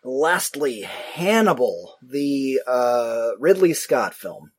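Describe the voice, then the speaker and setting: A man chatting casually about movies as a podcast co-host, rambling and self-mocking with animated asides. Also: mid-range voice, extremely slow, husky, no room sound.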